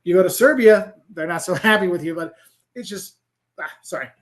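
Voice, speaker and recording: A middle-aged man who is a travel creator and professor talks as a guest in a casual interview, his voice high-pitched and a little fast. He rambles animatedly, full of "like" and restarts.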